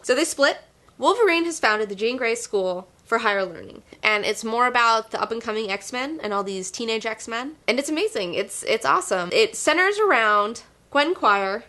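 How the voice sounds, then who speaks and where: Young woman, comic book show host, bright voice, higher pitch, excited profane rambling review. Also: moderate pace. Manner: gushing, profane, rambling with fillers. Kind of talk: casual enthusiastic review monologue.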